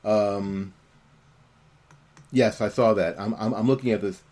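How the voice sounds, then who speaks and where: Halting, um-filled man talking casually. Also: fairly low pitch, fairly even intonation, a little mellow. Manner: halting, full of ums and restarts. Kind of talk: casual live commentary.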